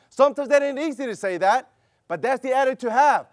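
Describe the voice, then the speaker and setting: Pastor, middle-aged man, very high voice, dry close sound, emphatic preaching. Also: fast, dry recording. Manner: emphatic, repetitive preaching with call-and-response. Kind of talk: sermon with personal story.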